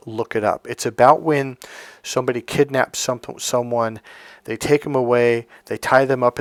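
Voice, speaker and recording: A man's voice: mid-range voice, dry recording. A middle-aged man from California, a relationship coach, telling his own stories to camera in a candid, profane way. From California, USA. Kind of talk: casual storytelling to camera.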